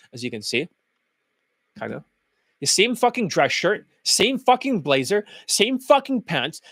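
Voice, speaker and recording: A man's voice: high-pitched, fairly bright tone, dry recording. A man hosting his own channel as a dating coach, delivering a blunt, mocking rant full of swearing. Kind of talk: profane reaction rant.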